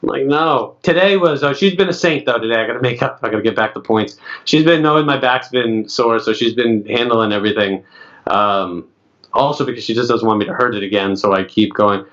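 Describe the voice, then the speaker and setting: A man's voice: medium pitch, brisk, a bit bright. A man in his late thirties co-hosting a casual podcast, telling stories and acting out other people's lines. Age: late 30s. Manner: chatty storyteller, acts out other people's lines. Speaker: podcast co-host. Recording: dull lo-fi sound.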